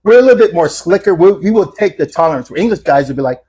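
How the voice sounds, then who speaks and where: An American man from the Los Angeles area speaks in a high voice as a podcast guest. His storytelling is casual, profane and animated, with laughs running through it. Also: quick pace, breathy edge. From Los Angeles area, USA.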